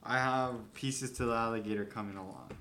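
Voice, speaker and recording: A man's voice: medium pitch, steady tone, a little fast. Joking Californian man, noisy home recording. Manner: joking, swears casually, playful mimicry. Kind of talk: casual chat.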